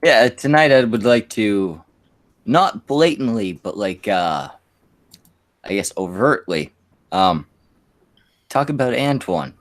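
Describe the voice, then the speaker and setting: A man's voice: on the low side, lively intonation, takes it slowly, pauses often. A man with a Quebec French Canadian accent hosting a stream, rambling through crude, casual banter full of fillers and restarts. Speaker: stream host.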